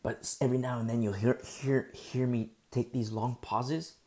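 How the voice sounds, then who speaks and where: A male pastor with a sore throat, teaching a Bible study in a conversational way, swinging between loud emphasis and soft, slow talk. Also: medium pitch, steady tone.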